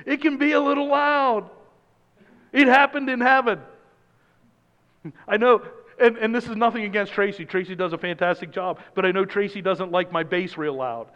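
A man preaching a sermon, moving from loud emphatic lines to hushed, low passages. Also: fairly even intonation, normal speed, long reverb tail, highs cut off. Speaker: pastor.

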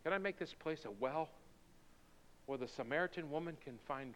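A man's voice: fairly high pitch, normal speed, fairly bright tone, a little hiss or hum. A male pastor preaching a sermon in a church, driving it with emphatic, repeated rhetorical questions. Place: church sanctuary. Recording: dull recording with long hall reverb.

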